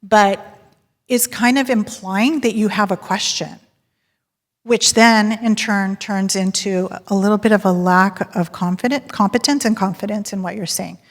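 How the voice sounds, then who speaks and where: A woman speaking from a stage, telling stories and polling her audience, with frequent laughs. Her voice is of middling pitch. The sound carries a long reverb tail from a large hall. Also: normal speed. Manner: lively storyteller, polls the audience and laughs often. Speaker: sales director giving a talk. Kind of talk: live presentation to an audience.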